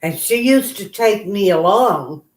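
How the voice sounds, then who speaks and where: A soft-spoken woman, interviewing and sharing her own story. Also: medium pitch, expressive, measured pace. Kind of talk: casual conversation. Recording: echoey room.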